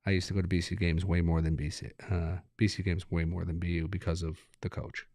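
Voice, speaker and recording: Man, deep voice, relaxed rambling guest, dry close sound. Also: fast talker, no echo. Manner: laid-back, rambling, laughs while telling stories. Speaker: hockey coach, guest. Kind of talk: relaxed interview talk.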